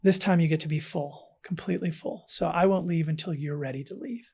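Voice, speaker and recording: A man voicing a wise, gentle mother humpback whale in a soft, hushed tone, with an everyday light male voice. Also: on the high side, fairly quick, gravelly, husky. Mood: tender.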